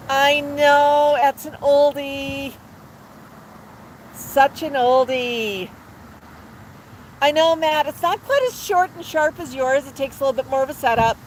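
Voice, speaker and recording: A woman's voice: high voice, measured pace, long pauses, poor audio. A woman hosting a live stream outdoors with her parrot, chatting, telling jokes and laughing. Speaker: livestream host with her parrot. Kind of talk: casual chat with joke telling. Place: outdoor patio. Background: faint street traffic.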